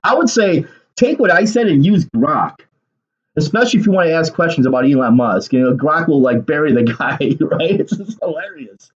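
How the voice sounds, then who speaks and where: A man's voice: fairly high pitch, lively intonation, normal speed, dull audio. Rambling man giving casual political commentary. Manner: rambling, repeats words, many fillers.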